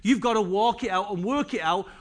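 High-pitched male pastor mid-sermon, emphatic, asks the congregation questions. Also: fairly quick. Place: church service.

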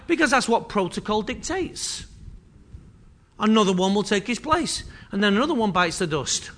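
A man's voice: sits high, a bit bright. A man preaching a sermon with impassioned, repetitive delivery that swells and drops in intensity.

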